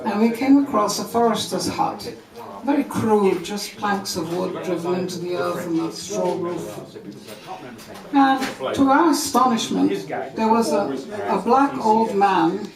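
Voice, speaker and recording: Brief: wry, animated woman, somewhat English accent, live storyteller, echoey room. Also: medium pitch, measured pace, crowd noise. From Brazil.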